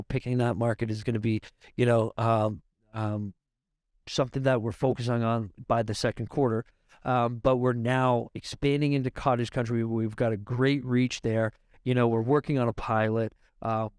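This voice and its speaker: A man from Canada telling stories as a guest in a podcast interview, animated and swearing often, with laughs. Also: mid-range voice, clean tone, no room sound, studio quality. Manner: animated, profane, laughing storyteller. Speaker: realtor guest. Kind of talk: casual podcast storytelling. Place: podcast studio.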